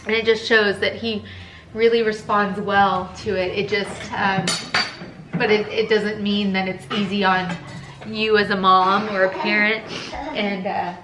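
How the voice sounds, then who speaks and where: A woman's voice: medium pitch, level tone, a little slow, noisy background. A young woman, a stay-at-home mom vlogging at home in her kitchen, talking in an emotional, tearful, heartfelt way. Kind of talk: casual chat.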